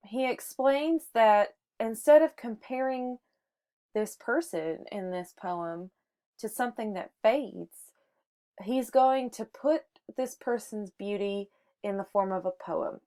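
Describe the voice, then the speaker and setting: A woman's voice: mid-range voice, expressive, slow pace, a little mellow. A woman teaching a short lesson on poetry, explaining step by step with some fillers and restarts. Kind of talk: microteaching lesson on sonnets.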